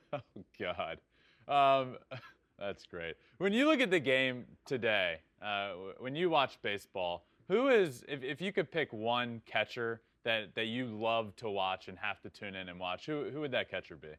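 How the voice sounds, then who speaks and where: Laughing interview host. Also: male voice, mid-range voice, very animated, a little slow, a bit bright, no echo. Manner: laughs easily, friendly questions. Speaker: podcast host. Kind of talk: casual interview.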